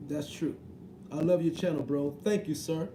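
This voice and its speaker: A high-pitched, mellow-toned man chats casually on a live stream. He jokes a lot, drops slang and keeps asking "you know what I mean". His voice sits in an echoey room with a faint hum behind it. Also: steady tone, moderate pace. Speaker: livestream host reading chat.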